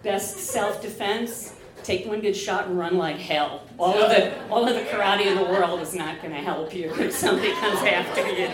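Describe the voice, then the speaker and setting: A woman's voice: medium pitch, moderate pace, crowd noise. A woman telling a candid, profane personal story on stage, laughing often. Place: stage under bright lights. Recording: echoey live venue with ambient noise.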